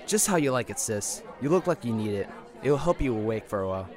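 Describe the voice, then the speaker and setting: A man's voice: mid-range voice, fast talker, some chatter behind, natural voice. A young man voicing a playful, supportive teenage best friend. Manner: playful, lively.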